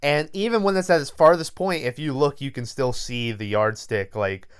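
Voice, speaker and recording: Young guy, podcast co-host: clear, smooth voice, rambling, profane, filler-heavy recaps. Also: medium pitch, moderate pace. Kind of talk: casual movie review chat.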